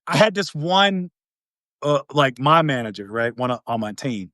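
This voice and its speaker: A middle-aged podcast host from East Tennessee speaks at a moderate pace in a mid-range voice, casually telling stories and animatedly doing the voices of those involved. The sound is clean studio audio, free of echo.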